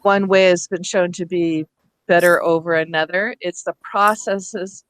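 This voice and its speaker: A woman's voice: fairly low pitch, steady tone, a little slow, smooth, no room sound, poor audio. A woman presenting a hands-on reading workshop to teachers in a school room, explaining patiently and checking in with the group as she goes.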